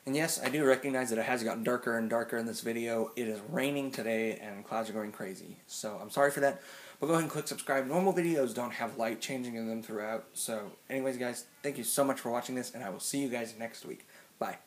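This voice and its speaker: A man's voice: medium pitch, fast talker, a little hiss or hum. A young man in his late teens telling a funny story to camera, rambling and full of "like" and restarts. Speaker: vlogger.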